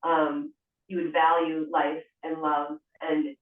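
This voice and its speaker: A woman's voice: low-pitched, flat delivery, slow. A woman hosting an interview, asking sympathetic, probing questions. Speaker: host. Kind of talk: interview chat. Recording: distant, echoey, phone-like call audio.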